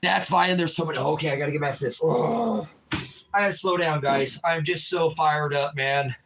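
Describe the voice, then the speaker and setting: Middle-aged male pastor, high edgy voice, rambling and fired up. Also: moderate pace, creaky, poor audio. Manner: impassioned, rambling, rises to shouting. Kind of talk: emotional livestream monologue.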